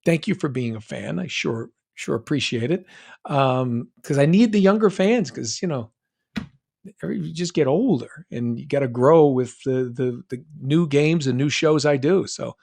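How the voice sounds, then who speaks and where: On a live stream, a middle-aged voice actor from New England reads fan comments aloud and responds to their questions. His medium-pitched voice is gravelly, darkish, and expressive at a moderate pace, and his casual talk rambles with frequent restarts and self-interruptions.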